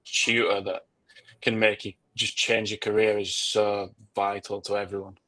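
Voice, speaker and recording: Young male hairdresser on a panel, earnest, bright voice, flat delivery. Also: lowish voice, unhurried, poor audio. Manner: earnest, personal storytelling. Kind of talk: panel discussion.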